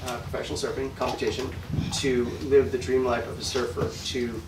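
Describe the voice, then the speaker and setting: A man interviewing a guest, asking halting questions with restarts. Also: medium pitch, little pitch movement. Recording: distant mic, echoey room, loud background noise.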